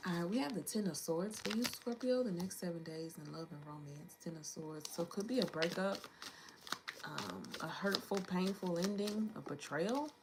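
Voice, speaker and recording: A woman's voice: on the low side, moderate pace, background noise. A woman giving a casual tarot reading, talking in a chatty, slangy way as she thinks aloud about the cards. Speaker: tarot reader. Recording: clicks and card shuffling behind.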